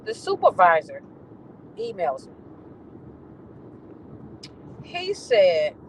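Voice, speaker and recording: Woman, vlogger, casual venting, profane, swooping lively pitch, car ride, faint traffic hum. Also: unhurried, poor audio. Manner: animated, profane storytelling.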